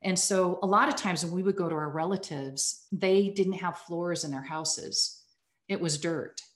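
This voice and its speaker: A woman from the United States with a fairly low voice, recounting a childhood memory to her hosts in an earnest and animated way. Her voice carries noticeable echo from a roomy space. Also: normal speed. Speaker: podcast guest, communications executive. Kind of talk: casual storytelling interview. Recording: echoey room.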